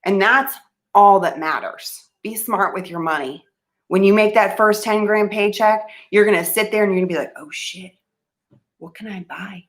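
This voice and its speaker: A woman's voice: medium pitch, normal speed. A young woman talking to camera, earnest and emphatic, sometimes losing her train of thought. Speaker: vlogger giving money advice. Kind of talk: casual talk to camera.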